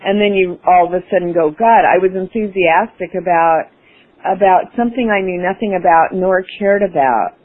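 A woman's voice: fairly low pitch, normal speed. A woman guest in an interview, telling a personal story with enthusiasm, laughing and acting out her past self. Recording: phone-like radio broadcast.

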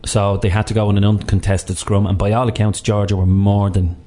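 A man talks sport on local radio at a fast clip, his voice sitting low. He rambles through his points with plenty of jokes and asides. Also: level tone, warm tone. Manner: fast, rambling, jokey banter. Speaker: radio sports show co-host. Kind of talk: casual sports radio chat.

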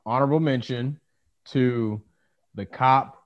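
A man's voice: mid-range voice, slow pace, lo-fi sound. A man in casual movie review chat, joking and playfully teasing the others.

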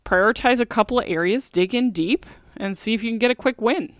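A woman's voice: fairly high pitch, brisk, no room sound, clean studio sound. A middle-aged woman hosting a podcast, talking in a chatty, candid way with many fillers. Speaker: podcast host. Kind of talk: casual solo podcast talk.

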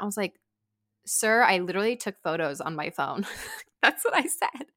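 A young woman host in casual chat, telling a story and acting out quotes with big jumps in her voice. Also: normal speed. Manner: animated, acts out quotes with big pitch jumps.

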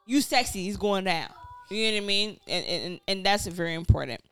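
A young adult woman co-hosting a casual pop-culture podcast, blunt and animated in her talk. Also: medium pitch, a little fast, smooth. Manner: blunt, animated, laughs along. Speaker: podcast co-host.

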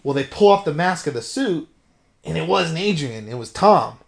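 A man co-hosting a podcast, recapping a film in a casual, animated way and swearing freely as he tells it. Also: fairly high pitch, moderate pace, gravelly. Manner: animated storytelling with frequent swearing. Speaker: podcast co-host. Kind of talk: casual movie recap chat.

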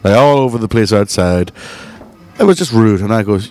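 A man's voice: lowish voice, lively intonation, moderate pace, darkish tone. A man, a bar co-owner, telling profane stories in casual chat and laughing as he goes. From Northern Ireland. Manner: profane storyteller, laughs mid-story.

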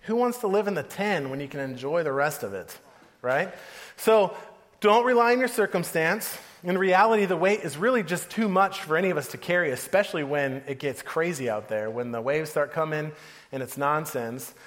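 A man's voice: on the high side, moderate pace, fairly bright tone. A man in his thirties giving a casual, joking sermon, often laughing as he talks. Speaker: pastor. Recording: long hall reverb.

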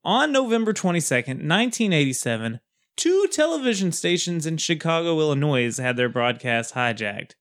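Male podcast host, casual chat, rambling, lots of laughs, slightly high voice. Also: very animated, normal speed, a bit bright. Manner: rambling, laughs often, many fillers.

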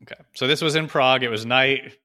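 A man's voice: medium pitch, fast talker, bright, forceful tone. A man in casual chat who gives short reactions, asks curious questions and laughs easily.

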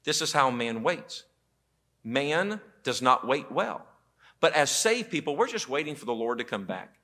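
Male pastor preaching a sermon, bright tone, animated storyteller. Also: mid-range voice, measured pace. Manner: animated storytelling with quoted voices. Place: church auditorium.

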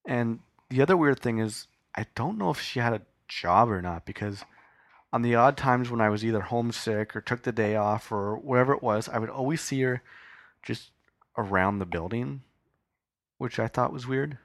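A man's voice: mid-range voice, normal speed, no echo. A man hosting a podcast from a home studio, telling a rambling story with casual swearing. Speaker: podcast host.

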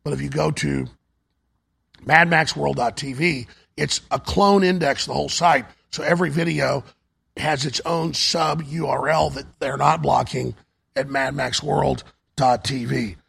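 Hoarse male talk show host, gravelly and raspy, pushy on-air sales pitch. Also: fairly even intonation, measured pace, a bit bright. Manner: urgent, repetitive sales pitch. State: hoarse, voice nearly gone. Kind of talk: on-air fundraising and product pitch.

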